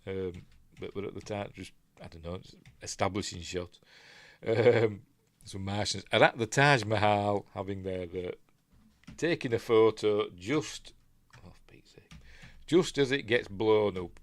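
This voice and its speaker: A man's voice: lowish voice, unhurried, no echo. Man, Yorkshire accent, casual film commentary, rambling, dry close sound. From England. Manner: rambling, chatty, trails off into mumbles. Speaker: film reviewer.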